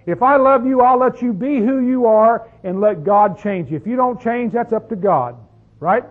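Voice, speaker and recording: A man's voice: extremely high pitch, moderate pace. A man preaching a sermon as pastor, folksy and conversational, often asking the congregation questions. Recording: tinny phone-like sound.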